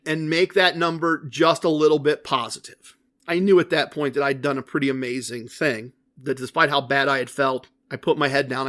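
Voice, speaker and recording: A man's voice: a little high, a bit bright. A middle-aged man hosting a solo podcast, chatty and self-deprecating, correcting himself as he talks. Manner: mock-boastful in a put-on triumphant voice. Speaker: podcast host.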